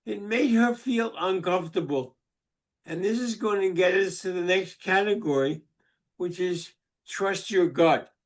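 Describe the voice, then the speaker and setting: Older man, high-pitched, slow, wry jokey storyteller speaking over a video call. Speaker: psychologist and book author. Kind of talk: webinar talk with anecdotes.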